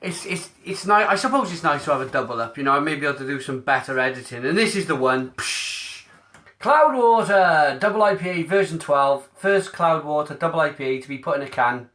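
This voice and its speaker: A man's voice: fairly high pitch, lively intonation, fairly quick, bright, forceful tone. A man hosting a casual live-stream unboxing, chatty and upbeat, answering viewers' comments aloud into his mobile phone. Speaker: beer reviewer streaming live. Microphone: mobile phone camera.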